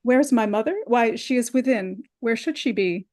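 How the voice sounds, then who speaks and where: A lovesick young girl, impatient and pleading, her lines rising urgently as she presses for news, read by a woman. The voice sits a little high. It carries the air of a Shakespeare reading. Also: normal speed, darkish tone, close to an everyday voice.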